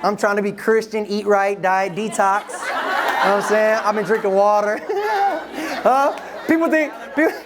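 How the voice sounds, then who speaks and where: A young man from Detroit with a very high voice leads a live audience through playful call-and-response during a motivational talk. He sounds energetic and teasing. The live room recording carries clear crowd sounds and noise. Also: moderate pace. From Detroit, USA. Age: 20s. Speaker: motivational speaker.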